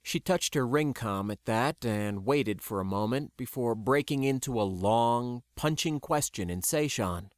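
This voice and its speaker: A man narrating a science-fiction audiobook in a measured, even storytelling voice. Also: mid-range voice, no echo, studio quality.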